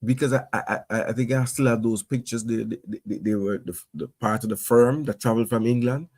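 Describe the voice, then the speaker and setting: A man chats about football, stammering and restarting as he works through his thoughts. The recording is dry and close, with no room sound around his middle-pitched voice. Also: steady tone, a little fast, a little mellow, dry recording. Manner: stammering, conversational. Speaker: podcast co-host. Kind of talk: casual football chat.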